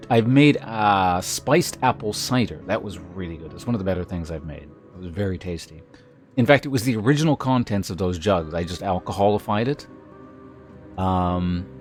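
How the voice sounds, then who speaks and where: Man streamer, low voice, loose rambling chat with viewers, restarts often, faint music underneath. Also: darkish tone. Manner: rambling, with frequent restarts and filler words. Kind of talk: casual chat with live viewers.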